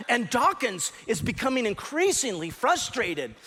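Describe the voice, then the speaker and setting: Animated preacher in a reverberant hall. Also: male voice, extremely high pitch, normal speed, few pauses, slightly rough. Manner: animated, emphatic preaching with sudden loud stresses. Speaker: pastor. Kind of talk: sermon. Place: church sanctuary.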